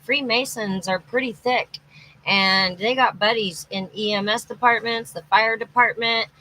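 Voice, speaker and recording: A woman's voice: a little high, steady tone, unhurried, pushed and bright, slight background noise, rough recording. An exhausted, anxious woman rambling through a live-stream monologue, restarting her sentences as she goes. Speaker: livestreamer. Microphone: phone or webcam livestream.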